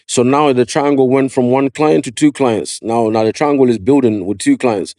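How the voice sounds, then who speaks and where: A man with a London accent, a barber telling his story in a casual podcast interview, slangy and animated, full of "yeah" and "you know what I mean". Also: medium pitch, moderate pace, few pauses, no echo, studio quality. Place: podcast studio.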